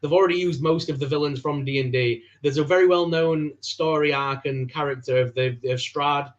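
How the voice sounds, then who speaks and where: A man's voice: a little high, fairly even intonation, a little fast. Rambling man, dull lo-fi sound. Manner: rambling, many fillers and restarts. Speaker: co-host, toy reviewer. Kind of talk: casual live-stream chat. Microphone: video call.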